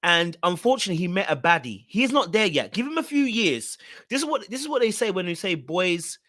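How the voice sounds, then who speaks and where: Animated man recapping reality TV. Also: sits high, fairly quick, no echo, studio quality. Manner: animated, repeats words, talks straight to viewers. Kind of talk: casual commentary recap.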